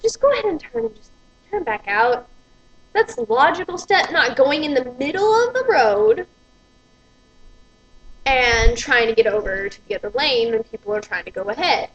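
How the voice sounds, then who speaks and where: A woman's voice: sits high, expressive, moderate pace, fairly bright tone, highs cut off, slight background noise. A woman, ranting profanely and with exasperation in a vlog. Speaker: vlogger.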